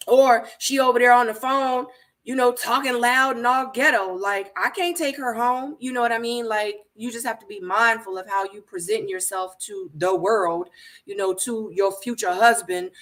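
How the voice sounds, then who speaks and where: Brief: a fairly high-voiced female host, emphatic and ranting, with lots of repetition in a casual recap. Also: fairly even intonation, normal speed, fairly bright tone. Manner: emphatic, ranting, repeats her points. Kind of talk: casual reality-show recap commentary.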